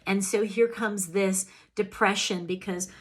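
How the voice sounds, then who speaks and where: In an earnest self-help talk, a woman coaches on emotional healing, addressing the listener directly. Her tone is steady, unhurried and slightly rough, though her pitch jumps up whenever she acts out her own feelings.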